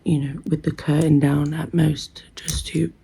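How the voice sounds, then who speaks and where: Chatty gravelly woman, whispered role-play. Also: deep voice, level tone, unhurried, low-quality recording. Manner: chatty, rambling, easily distracted; drifts between soft talk and whispers. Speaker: ASMR creator playing a hairstylist. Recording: noticeable background noise.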